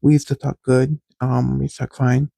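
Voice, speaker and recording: Male host, frank rambling storyteller; very dark, husky voice, dry close sound. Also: medium pitch, little pitch movement, a little fast, no room sound, poor audio. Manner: candid, rambling, addresses listeners directly. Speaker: podcast host. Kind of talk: casual storytelling.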